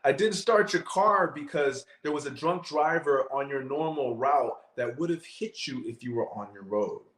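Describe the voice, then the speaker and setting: A man voicing God as a patient, fatherly figure, speaking in a calm, measured way in a roomy space. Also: medium pitch, lightly acted. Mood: reassuring.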